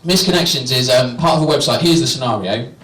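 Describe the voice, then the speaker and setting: Talking fast, a young stand-up comedian trades cheeky, self-mocking remarks with a live audience at a small comedy venue. His medium-pitched voice is a bit bright, and the recording is roomy and distant, full of laughter and cheering.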